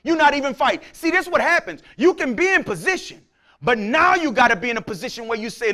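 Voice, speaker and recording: A man preaching a sermon as pastor, casual in speech, acting out his listeners' voices and swinging from quiet talk to shouts. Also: very high-pitched, sing-song, quick pace.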